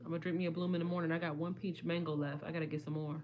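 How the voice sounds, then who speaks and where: A young woman talks casually to her livestream audience, rambling and friendly with lots of y'all. Her voice sits a little low and is slightly hoarse. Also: flat delivery, racing, muffled recording, slight background noise. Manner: chatty, addresses viewers as y'all. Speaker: livestream host.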